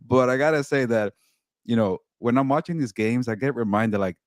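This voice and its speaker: Male reporter, heated casual sports take, mid pitch, dry close sound. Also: moderate pace, no echo. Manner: animated, blunt, swears a lot.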